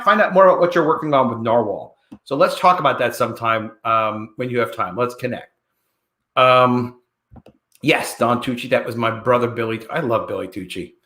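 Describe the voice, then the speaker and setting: A man's voice: medium pitch, fairly bright tone, reverberant. A man hosting a casual livestream, greeting viewers in the chat by name and rambling from topic to topic. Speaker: livestream host.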